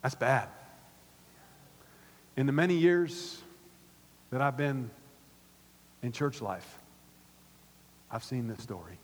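A middle-aged pastor preaching a sermon in a church, animated and repetitive, dropping to soft asides between louder points. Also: male voice, mid-range voice, slow, pauses often. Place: church auditorium. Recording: long reverb of a large hall.

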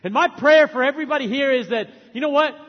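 A man in his forties preaching a sermon as a missionary, emphatic, swinging from loud urging to soft, tender asides. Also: very high-pitched, quick pace. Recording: long hall reverb, dull lo-fi sound.

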